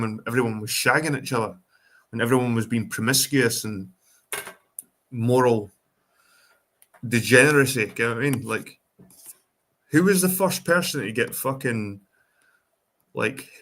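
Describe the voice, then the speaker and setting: Scottish male streamer, foul-mouthed, loose and rambling, mid-pitched voice. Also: bright, forceful tone. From Ireland, raised in Scotland. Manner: profane, rambling, reads chat aloud. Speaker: livestream host. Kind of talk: casual livestream chat.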